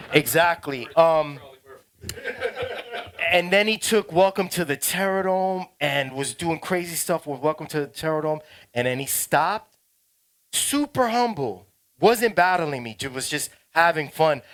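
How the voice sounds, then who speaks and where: A middle-aged man, a DJ casually telling a slangy story to a workshop class, turning loud and excited. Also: fairly high pitch, a little slow. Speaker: DJ teaching a workshop.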